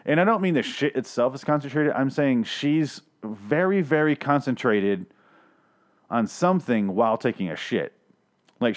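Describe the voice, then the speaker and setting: A man ranting through a TV episode recap, sarcastic and exasperated. His speech is heavy with swearing and loose asides. His voice sits at an ordinary middle pitch. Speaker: podcast host reviewing a TV episode.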